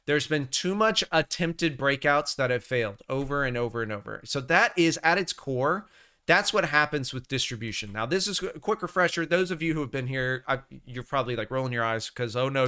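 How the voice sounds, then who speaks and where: A man's voice: mid-range voice, bright, forceful tone, clear, resonant tone. A man hosting a casual livestream, talking about the markets in a chatty, rambling way with many restarts. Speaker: livestream host.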